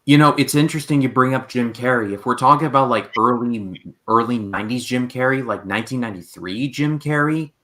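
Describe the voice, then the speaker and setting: A man co-hosting a casual movie review chat, adding facts in a measured way. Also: mid-range voice, pushed and bright. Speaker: podcast co-host.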